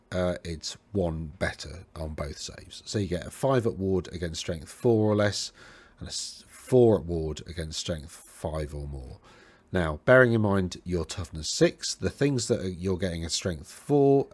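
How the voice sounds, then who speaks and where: Low-pitched guy rambling about wargame army lists, dry close sound, throat a bit tickly. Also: darkish tone, slightly rough, no echo. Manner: rambling, self-correcting, talks to himself while browsing. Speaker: host of a tabletop wargame podcast. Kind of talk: casual talk over game lists.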